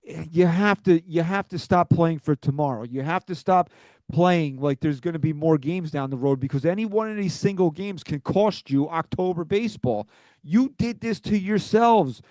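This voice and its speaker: A man's voice: fairly high pitch, moderate pace, darkish tone, no echo. A man hosting a sports talk podcast, agitated and ranting with swearing. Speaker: podcast host.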